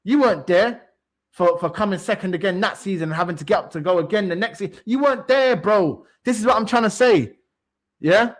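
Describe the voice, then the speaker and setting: A man's voice: high-pitched, fast talker. A man, co-hosting a football talk show in a heated, casual rant, emphatic and repetitive, swearing freely.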